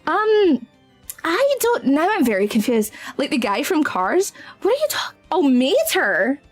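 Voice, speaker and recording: A woman with a Scottish accent chats on a live stream, her high voice swooping up and down as she giggles and gets flustered. She calls her viewers darling. Soft music plays faintly underneath. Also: wildly swooping pitch, a little slow. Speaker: VTuber streamer. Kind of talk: casual live-stream chat.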